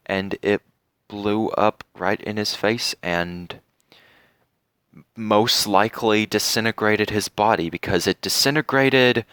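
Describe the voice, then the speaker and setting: A young man reviews a TV series in an unhurried, earnest way, pausing often and filling gaps with little fillers. His voice sits a bit low and sounds smooth and clean. The recording is dry, with no room sound. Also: fairly bright tone, dry recording. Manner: earnest, heartfelt, with many fillers and pauses. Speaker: TV show reviewer. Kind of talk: casual spoken review.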